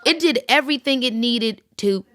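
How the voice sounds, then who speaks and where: A woman host in her thirties leading a casual interview, lively, playful and full of slang. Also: a little high, moderate pace, no echo. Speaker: podcast host.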